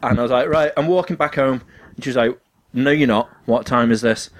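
A man's voice: mid-range voice, a little fast. A man telling a funny story in casual chat, acting out the quotes and laughing often.

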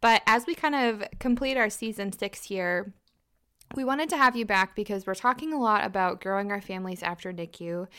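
A woman co-hosting a podcast, her voice smooth and clear. She talks in a bubbly, chatty way and laughs often. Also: mid-range voice, normal speed, a bit bright. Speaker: podcast co-host, parent. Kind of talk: casual podcast chat.

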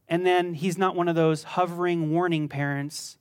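A middle-aged male pastor preaching a sermon in a conversational, animated way that bursts into sudden intensity. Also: a little high, normal speed, clear, resonant tone.

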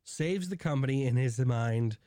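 An animated man talks casually as a podcast co-host, recapping a show and jumping into brief character voices. His pitch sits in an ordinary middle range. The sound is dry and close, with no room around it. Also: no echo. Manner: animated, acts out characters' lines in quick impressions. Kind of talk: casual chat.

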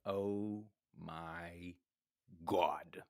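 Brief: male podcast host, unhurried and jokey, dry close mic. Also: deep voice, fairly even intonation, darkish tone, dry recording. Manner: playful, hammy. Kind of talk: casual chat.

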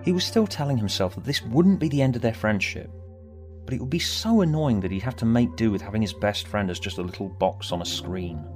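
A man reading his own story aloud, expressive, moving between bright and hushed. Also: lowish voice, fairly quick, soft background music. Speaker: author and narrator. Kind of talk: storybook narration.

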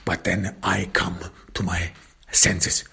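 A man narrating a dark first-person story, intense and angry, often dropping into whispers. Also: sits low, level tone, slow pace, creaky, husky.

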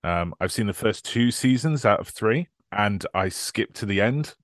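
Low-ish lively guy hosting a podcast, wry jokes, dry close sound. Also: moderate pace, no echo. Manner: wry, joking. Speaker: podcast host. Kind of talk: casual podcast chat.

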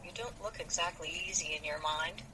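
A lively teenage girl, soothing and coaxing a sulking friend, read aloud by a woman. Her voice is on the low side, with a steady hiss of noise in the recording. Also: brisk, rough recording.

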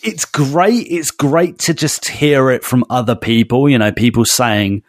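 A chatty man co-hosts a podcast, tossing in "mate" and quick laughs. His voice is mid-pitched and the sound is close and dry. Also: no room sound. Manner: chatty, laughs often, says "mate" a lot. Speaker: podcast co-host. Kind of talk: casual chat.

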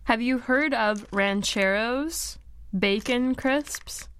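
A woman co-hosting a casual podcast, playful and quick to laugh. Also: a little high, a bit bright, smooth, no echo. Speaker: podcast co-host.

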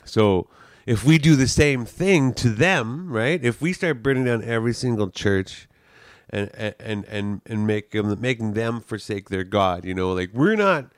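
A man's voice: on the low side, lively intonation, a little slow, no echo, studio quality. A man from Canada, a comedian, chatting casually and telling a rambling story full of restarts, swearing and laughter. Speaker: comedian and podcast co-host. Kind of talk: casual chat.

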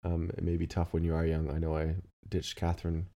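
A man's voice: low-pitched, completely flat delivery, brisk, mellow. A man guesting on a podcast, giving laid-back advice with a dry, wry sense of humor. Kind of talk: casual podcast chat.

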